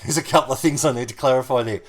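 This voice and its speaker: A man's voice: medium pitch, racing. Teasing podcast co-host man. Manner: teasing, playful, with many interruptions. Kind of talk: casual podcast banter.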